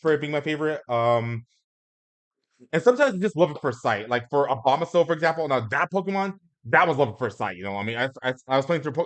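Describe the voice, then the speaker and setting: A man hosting a casual talk stream, speaking hesitantly with frequent restarts. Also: mid-range voice. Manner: hesitant, many fillers and restarts. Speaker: host. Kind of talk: casual chat.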